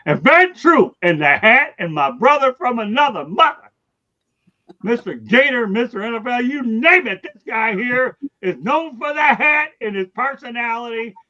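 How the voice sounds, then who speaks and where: A man hosting a sports talk show, loud and high-energy, shouting with excitement. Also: moderate pace. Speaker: show host. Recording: dull lo-fi sound.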